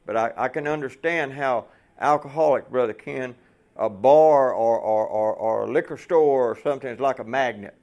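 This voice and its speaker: A man's voice: mid-range voice, moderate pace, a little mellow, highs cut off. A man preaching a folksy sermon to fellow truckers, asking the room rhetorical questions.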